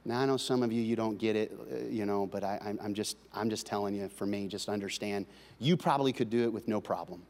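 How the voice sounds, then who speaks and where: A male pastor preaching a sermon, swinging between loud, driving passages and quiet, confiding talk with his congregation. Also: fairly low pitch, brisk. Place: large church hall. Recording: long hall reverb.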